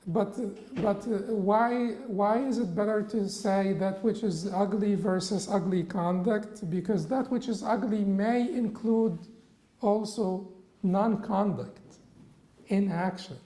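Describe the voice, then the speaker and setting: A man giving a religious classroom lecture, halting with frequent restarts and rhetorical questions. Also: sits high, dark tone, roomy sound, rough recording.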